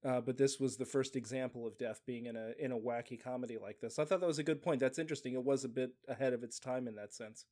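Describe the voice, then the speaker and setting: A man's voice: mid-range voice, fairly even intonation, fast talker, hardly any pauses, darkish tone. A man co-hosting a casual movie podcast, talking in a hesitant, hedging way with many restarts. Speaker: podcast co-host.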